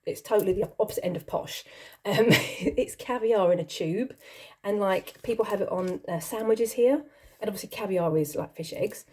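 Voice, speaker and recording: A middle-aged woman, a channel host not from the country she lives in, chats casually while answering a list of questions, rambling, giggly and self-deprecating. Her voice is medium in pitch with a dark tone, at a moderate pace.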